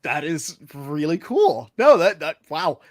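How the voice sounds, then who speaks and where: Animated Midwestern man hosting a live stream. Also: on the high side, unhurried. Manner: joking, sarcastic, laughs often. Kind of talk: casual live-stream chat.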